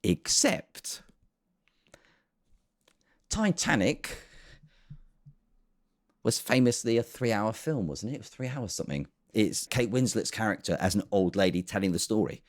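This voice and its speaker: A man's voice: fairly low pitch, fairly quick, hardly any pauses. A man hosting a comedy show, rambling through sarcastic commentary with lots of fillers and restarts. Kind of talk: casual comic commentary.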